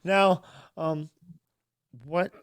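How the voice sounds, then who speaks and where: A man's voice: a little high, fairly even intonation, drawn-out words, clean tone, no echo. A man hosting a casual interview show, joking and speaking straight to his viewers. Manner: joking, talks to viewers directly.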